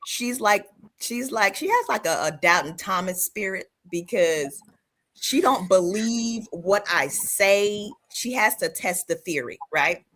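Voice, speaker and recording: A woman in her thirties, a comedian guest telling lively stories in casual panel chat, acting out her children. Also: mid-range voice, slow pace. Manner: animated storyteller acting out her kids.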